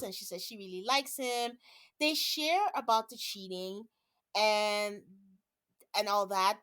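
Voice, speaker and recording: Podcast host, woman, casual recap chat; chatty, quick to quote others, laughs a lot. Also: a little high. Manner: chatty, animated when quoting people, laughs often.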